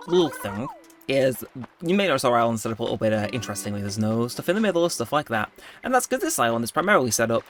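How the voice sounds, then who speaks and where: A man giving chatty, rambling gameplay commentary, easily excited. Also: medium pitch. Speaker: gaming video host.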